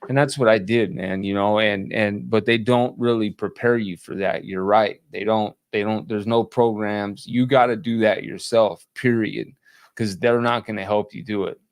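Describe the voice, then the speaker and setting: A man in casual conversation, speaking slowly and plainly with frequent restarts and fillers. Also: lowish voice, fairly even intonation, dry recording, clean studio sound. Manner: slow, halting, plainspoken, many restarts. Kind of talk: casual conversation about life after prison.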